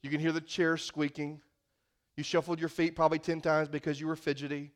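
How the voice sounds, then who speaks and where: A man preaching a sermon to his congregation in a church, telling a scripture story with lively, acted-out dialogue. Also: on the high side, brisk. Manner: animated storytelling, acting out scripture scenes. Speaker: pastor. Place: church sanctuary.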